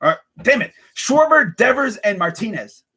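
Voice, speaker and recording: Animated young man ranting about sports. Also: high voice, normal speed, slightly rough. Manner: animated, ranting, swears and says bruh a lot. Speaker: sports vlogger. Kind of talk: casual fan rant.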